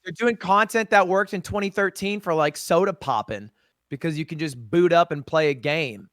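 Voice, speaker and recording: A man's voice: on the high side, moderate pace, a bit bright, no echo, clean studio sound. A young man chatting casually as a streamer guest in an interview, rambling and swearing with self-mocking asides.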